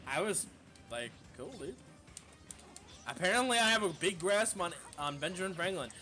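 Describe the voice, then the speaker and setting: A man streamer telling a casual, profane story in an animated way, full of fillers. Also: high-pitched, brisk, soft background music.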